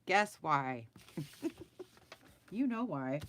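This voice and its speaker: A woman's voice: deep voice, very animated, very slow, a bit bright, slight background noise. A middle-aged woman chatting bluntly and animatedly with live viewers from her desk while she draws, laughing often. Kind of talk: casual chat while drawing. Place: at a desk indoors.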